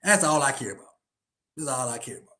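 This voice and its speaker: A man's voice: medium pitch, animated, quick pace, sharp tone. A man hosting a casual sports podcast, ranting in slangy talk and repeating himself. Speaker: podcast host.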